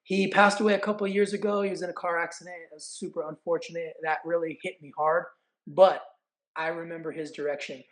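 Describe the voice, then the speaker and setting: A man in his forties from California, a guest telling stories in casual chat, acting out quotes with animated energy. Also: fairly high pitch, fast, low-quality recording. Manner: animated, acts out quotes and announcer calls. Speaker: podcast guest, actor and event announcer. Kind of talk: casual storytelling.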